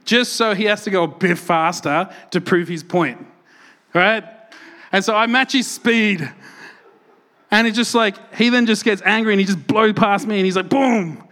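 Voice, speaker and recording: A man preaching a sermon, telling stories and acting out quotes with lively energy. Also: high voice, normal speed. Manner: animated storytelling, acts out quotes loudly. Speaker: pastor.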